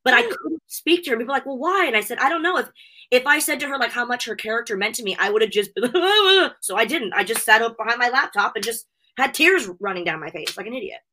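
A woman's voice: a little high, fast talker, bright, forceful tone, rough recording. A woman chatting as an interview guest, telling emotional stories in an effusive way with lots of fillers. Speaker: guest, wrestling personality and convention host. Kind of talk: casual interview chat.

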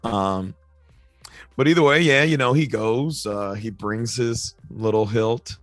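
A man's voice: medium pitch, slow pace, dry recording, faint music behind. Easygoing man on a dry podcast mic. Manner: easygoing, hesitant fillers. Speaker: podcast co-host. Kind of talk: casual chat.

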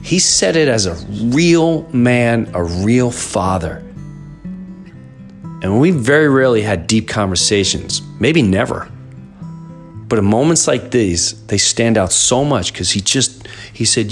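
A man's voice: fairly low pitch, animated, a little slow, faint music behind. A middle-aged man hosting a podcast, talking through an impassioned, preachy solo monologue. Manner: impassioned, preachy rant with emphatic swings. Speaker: podcast host.

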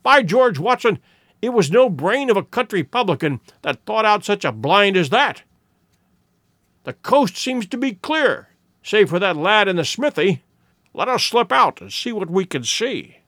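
A man voicing an eager, sharp male detective who makes brisk, emphatic deductions in an audiobook reading. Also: high voice, very animated, dry recording, studio quality, pitched above the performer's own voice, exaggerated voice. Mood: excited, insistent.

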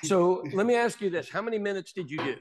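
An American man hosting a casual chat, an animated storyteller who mimics voices in his anecdotes. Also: sits high, quick pace, a crowd in the background. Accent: General American. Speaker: podcast host.

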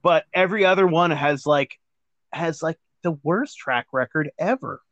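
A man's voice: a little high, moderate pace, dry recording, muffled recording. A man co-hosting a podcast in casual chat, swearing freely and laughing often. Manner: profane, excitable, laughs often. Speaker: podcast co-host.

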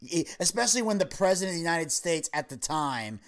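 A man's voice: on the high side, fast talker. A man hosting a podcast, telling a long story in casual chat and acting out the quoted lines. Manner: animated storyteller who acts out quoted lines. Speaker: podcast host.

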